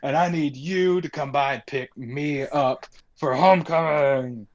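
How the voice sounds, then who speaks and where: A man's voice: on the high side, a little slow, muffled recording, pitched above the performer's own voice, lightly acted. A man voicing a young man in his twenties faking being very drunk on the phone, slurred and loose. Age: 20s.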